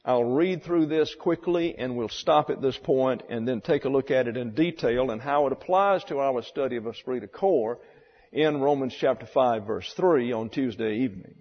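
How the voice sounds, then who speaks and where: A man teaching a Bible class, deliberately spelling out and pronouncing terms for his students. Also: medium pitch. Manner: deliberate, spells out words slowly. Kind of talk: classroom lecture. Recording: dull lo-fi sound in a reverberant hall.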